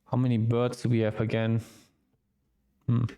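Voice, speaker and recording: A man streaming a visual novel, reading the game's dialogue aloud with quick asides of his own. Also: mid-range voice, monotone, dark tone, smooth.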